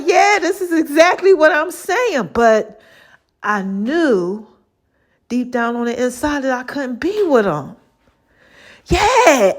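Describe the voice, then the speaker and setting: A woman hosting her own podcast, telling a personal story in a chatty, animated way, acting out both sides of old conversations and calling her listeners baby and child. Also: sits high. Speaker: podcast host. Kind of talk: casual storytelling monologue.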